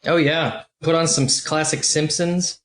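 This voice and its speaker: A man hosting a podcast, talking through a film in a measured, analytical way. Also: on the high side, steady tone, fairly bright tone. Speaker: podcast host. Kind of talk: casual film discussion. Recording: roomy echo.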